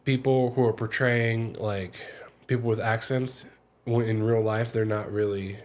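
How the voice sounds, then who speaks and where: A man's voice: lowish voice, steady tone, a little mellow. A man hosting a podcast interview in a casual way, often repeating words as he finds his thought. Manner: halting, repeats words as he restarts. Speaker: podcast host. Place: podcast studio.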